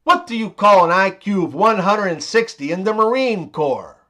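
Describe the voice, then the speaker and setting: A man in his forties narrating a string of jokes in an unhurried way. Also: high-pitched, expressive, sharp tone, soft background music. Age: 40s. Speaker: joke teller. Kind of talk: narrated joke compilation.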